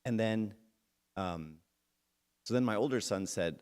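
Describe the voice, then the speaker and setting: Middle-aged man, very low voice, conversational sermon, talks directly to the audience. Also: normal speed. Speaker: speaker at a church talk. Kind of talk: sermon with a personal story.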